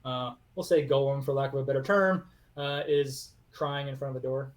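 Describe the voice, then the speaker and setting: A man serves as game master narrating a tabletop game, speaking haltingly with lots of fillers in a steady, mid-range voice.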